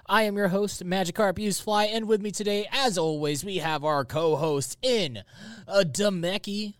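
A man's voice: high voice, normal speed, dry recording, clean studio sound. A man hosting a casual gaming podcast, introducing guests with upbeat patter. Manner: upbeat, animated host patter. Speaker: podcast host.

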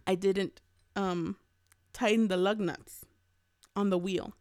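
A young woman co-hosting a podcast, telling a story in casual chat and acting out the quoted voices with big jumps in pitch. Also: fairly even intonation, takes it slowly, darkish tone, clear, resonant tone, no echo, studio quality. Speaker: podcast co-host.

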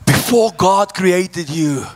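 A man preaching a sermon, shouting and calling out to the congregation. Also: sits high, lively intonation, slow pace, faint music behind. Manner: shouting, call-and-response preaching.

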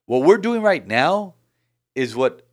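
A man hosting a casual sports podcast, animated and rambling with frequent restarts. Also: a little high, slow. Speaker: podcast host.

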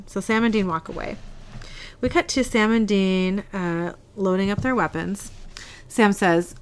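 A woman's voice: medium pitch, steady tone, a little slow, smooth. A young adult woman hosting a casual show, recapping a TV episode and reading its scenes aloud, often giggling. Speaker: podcast host.

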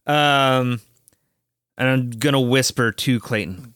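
A man plays in a tabletop game, thinking aloud with lots of fillers and restarts. His voice is bright and tense, recorded dry and close. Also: mid-range voice, moderate pace, dry recording. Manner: hesitant, filler-heavy. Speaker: player. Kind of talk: casual tabletop play.

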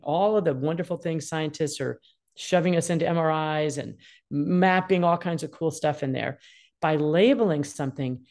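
A woman in her sixties talking casually as a guest, giving parenting advice and acting out what children feel. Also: sits low. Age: 60s. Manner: expressive, acts out children's voices in quotes.

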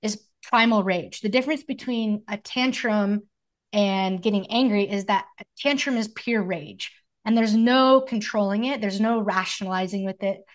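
A woman in her thirties in casual conversation as a podcast co-host, speaking earnestly and reflectively in long flowing thoughts. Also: mid-range voice.

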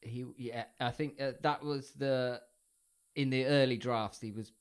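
A man's voice: mid-range voice, fairly even intonation, unhurried, smooth. Male co-host, casual and jokey, recaps plots with a laugh. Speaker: podcast co-host. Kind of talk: casual chat and plot recap.

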